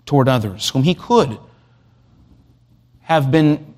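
A man's voice: medium pitch, animated, slow pace, a little mellow. A man preaching an expository sermon, asking rhetorical questions and reading scripture aloud. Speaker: pastor.

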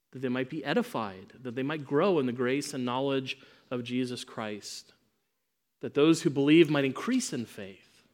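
A man preaching a sermon, emphatic, swinging between loud proclamation and quiet asides. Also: medium pitch.

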